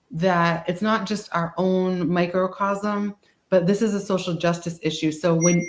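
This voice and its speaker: Low-voiced Boston woman in an echoey room. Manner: rambling, heavy use of "like" and "you know". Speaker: guest speaker. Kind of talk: casual webinar talk.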